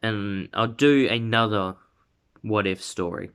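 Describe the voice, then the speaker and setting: A man narrating a homemade fan story off the cuff, rambling and restarting often. His voice sits low and he talks slowly. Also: a bit bright, clean tone. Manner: rambling, full of restarts and fillers. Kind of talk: casual unscripted story narration.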